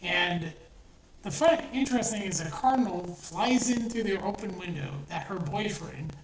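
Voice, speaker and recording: A woman's voice: medium pitch, expressive, normal speed. A woman giving a blunt, profane, exasperated movie review with lots of restarts. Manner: blunt, swears often, exasperated ranting with restarts. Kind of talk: ranting casual film review. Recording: echoey room, voice a bit far from the mic, faint noise.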